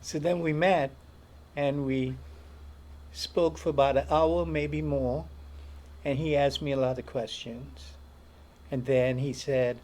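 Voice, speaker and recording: A man's voice: medium pitch, fairly even intonation, a little slow, darkish tone. A man who plays in a touring band, telling stories as an interview guest and animatedly acting out the voices he quotes. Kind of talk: storytelling in an interview.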